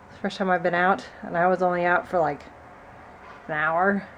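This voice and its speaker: A woman's voice: lowish voice, steady tone, moderate pace, fairly bright tone, highs cut off, slight background noise. Tired, chatty woman vlogging at home. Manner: rambling, chatty, with laughs and asides. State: sick and tired. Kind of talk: casual chat. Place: at home by a patio door.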